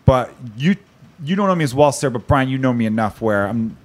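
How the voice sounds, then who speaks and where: A young man with a Chicago accent, a comedian hosting a podcast, telling stories in rapid, animated bursts with blunt swearing. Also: mid-range voice. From Chicago, USA. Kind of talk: casual chat and storytelling.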